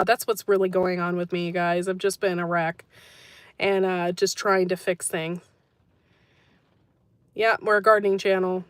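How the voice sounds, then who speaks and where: A woman's voice: mid-range voice, a bit bright, dry recording. A woman hosting a gardening channel, chatting casually on a live stream and answering viewer comments, rambling and laughing often.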